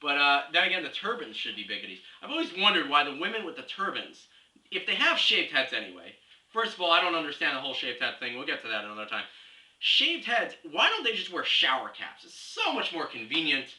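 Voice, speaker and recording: Here the young man's fairly high voice swings hugely in pitch as he speaks fairly quickly, bright and forceful throughout. A comedy video blogger, he rambles scatterbrained from one subject to the next, dressing up his comic rant in mock-serious logic. He's picked up from a distance in a roomy room, with a faint hiss underneath.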